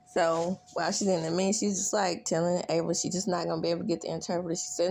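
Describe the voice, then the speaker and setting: A woman recapping a TV episode in a chatty, animated way, laughing often and squealing when she quotes lines. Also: lowish voice, quick pace, creaky, few pauses. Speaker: recap vlogger.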